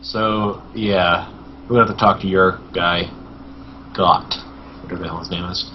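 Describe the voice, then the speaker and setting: A man's voice: deep voice, steady tone, moderate pace. A man playing a tabletop game, reasoning aloud in a casual way, on a muffled recording. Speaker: player. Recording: lo-fi voice chat with faint noise.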